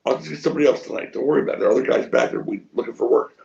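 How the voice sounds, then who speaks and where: A man's voice: mid-range voice, rapid-fire, gravelly, lo-fi sound. A middle-aged man telling stories in an interview, acting out what people said and swearing freely. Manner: animated storyteller acting out quotes, swears freely. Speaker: wrestling promoter interviewee. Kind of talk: shoot interview storytelling.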